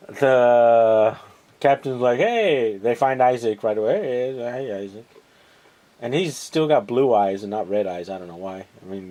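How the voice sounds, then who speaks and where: A man recapping TV episodes in a casual, rambling way, sarcastic and mocking, halting over many fillers. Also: medium pitch, a little mellow. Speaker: podcast host recapping TV episodes.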